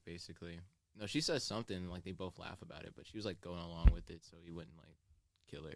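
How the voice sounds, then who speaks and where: A man's voice: low voice, steady tone, a little fast, dry recording. A young man retelling a story in casual, profane chat full of fillers.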